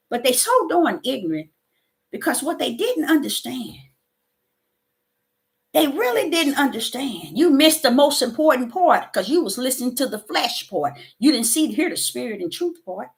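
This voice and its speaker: A woman's voice: sits high, big pitch swings, moderate pace, creaky. A middle-aged woman giving a fervent spiritual testimony to her viewers, preachy and repeating her words. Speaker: YouTuber.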